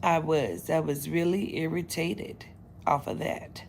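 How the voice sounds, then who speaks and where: Gravelly low-voiced woman telling stories. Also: unhurried, slight background noise. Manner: blunt, profane, animated retelling. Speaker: spiritual reader. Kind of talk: casual storytelling to camera.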